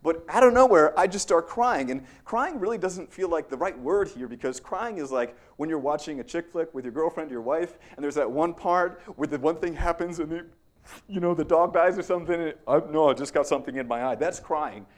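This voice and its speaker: Young male pastor, slightly higher voice, casual sermon delivery with "right?" tag questions. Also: a little fast. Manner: conversational, self-deprecating, frequent "right?" asides.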